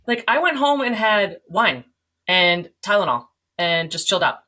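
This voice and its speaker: A woman in her forties telling her story as a podcast guest, animated, acting out quoted dialogue, swearing and laughing along the way. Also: mid-range voice, normal speed. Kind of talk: candid storytelling.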